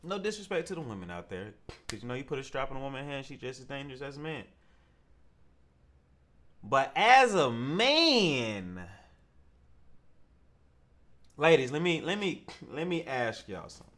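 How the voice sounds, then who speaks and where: A man hosting a comedic commentary show, mocking and laughing often, in a slang-heavy voice that jumps around in pitch. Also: sing-song, normal speed, pauses often, fairly bright tone.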